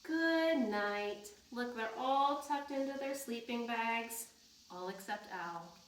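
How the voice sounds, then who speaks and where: A woman librarian reading a picture book aloud to young children, asking them questions in a sing-song, animated way. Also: fairly high pitch, slow pace, slight background noise. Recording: roomy sound, mic at a distance.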